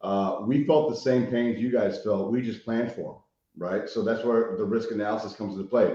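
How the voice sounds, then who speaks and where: Here the Chicago rehab consultant's voice sits fairly low and has a darkish tone. He's a podcast guest in a casual interview, animatedly telling stories, cursing freely and ending lines with "right?", and the sound is muffled, lo-fi and echoey.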